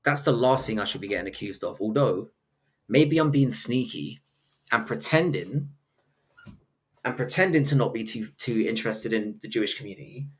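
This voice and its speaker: Reading chat messages out on his live stream, a man answers with crude, profane, joking banter in a casual setting. He has a mid-range voice with a breathy edge.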